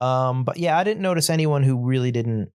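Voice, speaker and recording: A man co-hosting a film podcast, talking in a loose, rambling, easygoing way and sliding into little jokes at his own expense. His pitch sits in an ordinary middle range. The studio sound is dry and close, with no room echo. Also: expressive, fairly quick, a little mellow, clear, resonant tone. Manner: rambling, easygoing, self-deprecating humor. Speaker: podcast co-host. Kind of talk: casual film discussion. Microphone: studio mic.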